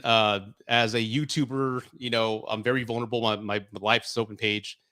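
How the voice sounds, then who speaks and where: A man's voice: medium pitch, bright, forceful tone. A middle-aged man hosting a live stream, chatting openly and heartfelt, rambling with many restarts. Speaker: YouTube host answering live chat. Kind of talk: casual live-stream chat.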